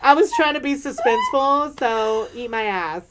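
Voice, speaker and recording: A woman's voice: high-pitched, expressive, moderate pace, noisy background. A woman co-hosting a podcast, reading ghost legends aloud with chatty, joking asides. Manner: reads story passages, chatty asides, swears and laughs. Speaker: podcast co-host. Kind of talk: casual storytelling of ghost legends.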